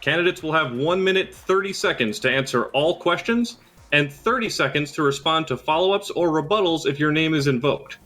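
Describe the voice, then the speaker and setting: A man's voice: a little high, brisk, fairly bright tone. A man moderating a mock political debate over voice chat in a formal, announcer-like manner.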